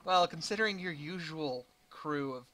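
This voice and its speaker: A man's voice: a little high, moderate pace, pushed and bright. A man playing a grumpy, reluctant male pilot who grumbles and answers with sarcasm in a tabletop game. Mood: grumbling.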